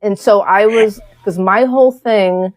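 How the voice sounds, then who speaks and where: A woman's voice: medium pitch, unhurried. A woman guest on an interview podcast, telling her story in a casual, candid way with lots of fillers. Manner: chatty, many fillers, animated and candid.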